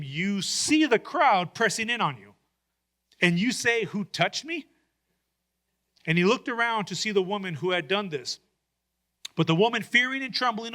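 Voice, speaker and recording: A man's voice: sits high, bright, forceful tone. A male pastor preaching a sermon, retelling a story with dramatic acted-out voices.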